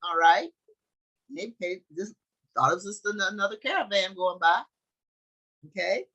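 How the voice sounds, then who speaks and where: A woman's voice: mid-range voice, moderate pace, a bit bright, breathy edge, low-quality recording. A woman leading a Bible study, reading a text aloud and commenting in a loose, conversational way that thinks aloud as she goes.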